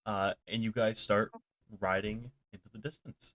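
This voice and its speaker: A man's voice: fairly low pitch, steady tone, moderate pace, a bit bright. A man running a tabletop game as game master, narrating loosely with fillers and frequent laughter.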